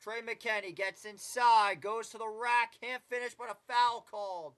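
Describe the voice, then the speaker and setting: A man with a high, bright voice calls a basketball game play by play. He's casual and chatty, dropping side comments and the odd swear between plays. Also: steady tone, a little slow.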